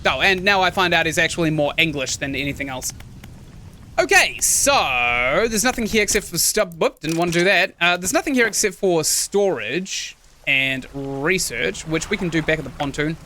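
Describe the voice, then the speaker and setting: A man's voice: on the high side, lively intonation, moderate pace, sharp tone, slight background noise. A young man chatting casually while streaming a video game and reading its text aloud. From New Zealand. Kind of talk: casual gameplay commentary.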